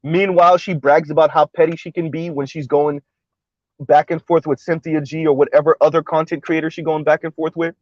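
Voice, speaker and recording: A man's voice: on the high side, little pitch movement, fairly quick, no echo, muffled recording. A man hosting a commentary monologue, pressing his points with repeated rhetorical questions. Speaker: commentary video host.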